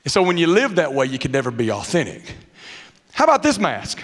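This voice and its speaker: A high-voiced pastor delivers a lively sermon from a church stage, slipping into mocking character voices as he goes. His words ring out with a long hall reverb around them. The delivery is playful and animated. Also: fast talker, over loud music. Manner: animated, acts out mask characters with funny voices. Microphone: muffled through a mask.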